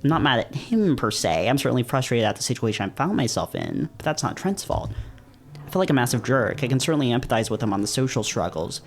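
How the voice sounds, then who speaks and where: A man's voice: mid-range voice, gravelly. A man reading a visual novel aloud in the first person, breaking off into casual, swearing, laughing commentary. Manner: casual, swears and laughs, quick animated reactions.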